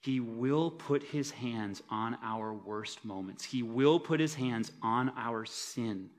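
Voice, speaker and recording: A man preaching a sermon, swinging between loud emphasis and quiet, low asides. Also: slow. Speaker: pastor. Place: church service.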